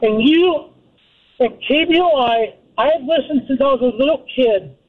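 Guy from idaho calling in, super high voice, tinny phone, kinda emotional. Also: normal speed. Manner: earnest, emotional. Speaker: caller. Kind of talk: call-in thanks.

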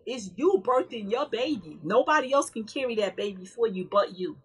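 Husky, outspoken woman guest. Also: a little high, animated, moderate pace, rough recording. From northern United States. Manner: emphatic, outspoken, laughs often. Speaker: podcast guest, life coach. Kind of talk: candid conversational interview.

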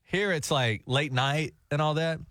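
A man's voice: a little high, a little slow, fairly bright tone, no room sound, studio quality. A man on a talk show, telling a rambling, jokey travel story with laughs. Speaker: radio show co-host. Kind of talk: casual storytelling chat.

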